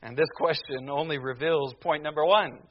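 A man's voice: a little high, steady tone, dull audio. A man preaching a sermon, hammering home his point with one rhetorical question after another. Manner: emphatic, rhetorical questions, slows down on key phrases.

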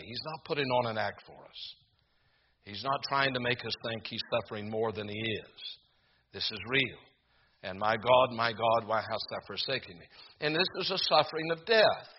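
An older man preaching a sermon to a congregation, earnest and halting, with frequent fillers and restarts. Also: on the low side, highs cut off, a little hiss or hum. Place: room with a congregation.

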